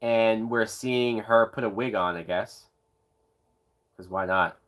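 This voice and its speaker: Watching a movie while a bit drunk, this man reviews it live with cursing, sarcastic remarks and whooping laughs. He speaks slowly in a lowish, somewhat bright voice.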